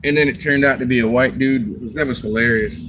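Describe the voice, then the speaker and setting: A man's voice: mid-range voice, fairly even intonation, quick pace, fairly bright tone, slight background noise, low-quality recording. A man from Scotland hosting a livestream, chatting casually and rambling through stories with quoted asides. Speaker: livestream host. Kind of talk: casual chat.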